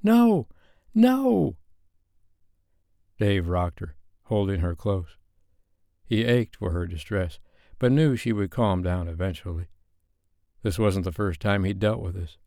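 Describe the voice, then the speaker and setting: A man narrating a romance audiobook in a measured, even storytelling manner. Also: sits low, no room sound, clean studio sound.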